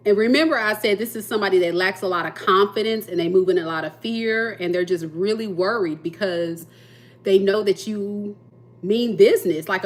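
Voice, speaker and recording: A woman giving a live tarot reading, talking playfully to her viewers and often breaking into laughter. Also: medium pitch. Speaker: tarot reader.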